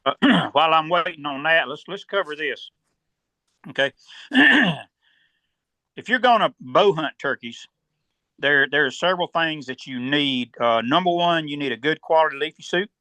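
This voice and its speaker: A man with a Southern US accent, calmly explaining turkey hunting step by step as a podcast guest and often clearing his throat. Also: a little high, normal speed, no room sound. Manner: steady, instructive, step-by-step.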